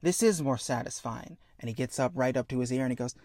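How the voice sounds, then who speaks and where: A young man chatting casually, acting out a story pitch with quick voice changes and swearing. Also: darkish tone. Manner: acts out scenes with quick voice changes. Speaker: podcast co-host pitching a story. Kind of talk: animated storytelling chat.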